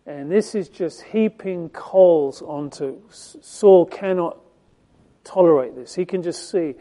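Male preacher, conversational and emphatic sermon delivery, slightly high pitch, very warm dark timbre. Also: slow pace. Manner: conversational, emphatic, with frequent fillers and restarts. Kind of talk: sermon, Bible teaching.

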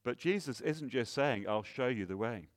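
A man's voice: mid-range voice, expressive, normal speed, no echo. Earnest male preacher with dry sound. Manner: earnest, rhetorical questions, repeated restarts; swells louder on key points, drops soft for emphasis. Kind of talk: sermon.

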